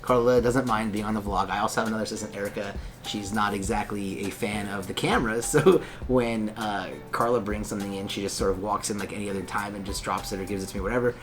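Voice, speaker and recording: A man's voice: on the low side, steady tone, fast, hardly any pauses, over music. A man who is a lawyer hosting a casual vlog from his law office, chatty and joking as he rambles. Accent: Californian.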